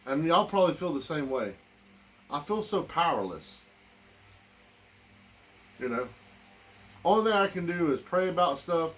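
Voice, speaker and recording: A man's voice: a little high, a bit bright. A man delivering a heated, repetitive political rant straight to his listeners. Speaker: political commentator.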